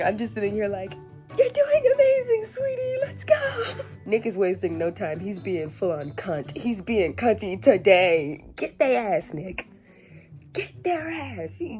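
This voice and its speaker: Woman in her 20s, reading reaction vlog, swears and laughs a lot, very expressive pitch. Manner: animated, swears a lot, laughs and shrieks at the book. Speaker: book reviewer.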